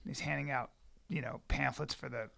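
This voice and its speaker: A man's voice: mid-range voice, fairly even intonation, fairly quick, bright, forceful tone. A man co-hosting a podcast in a studio, telling rambling stories in a casual way. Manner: gravelly, rambling storytelling. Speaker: podcast co-host. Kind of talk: casual chat.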